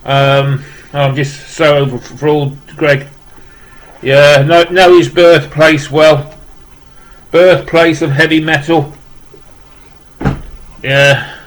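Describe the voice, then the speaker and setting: A man's voice: on the high side, steady tone, slow pace, pauses often, low-quality recording. Rambling man. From West Midlands, England. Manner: rambling, repeating "wow" and restarting with many fillers. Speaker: vlogger opening a parcel of rock music gifts. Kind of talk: casual unboxing chat.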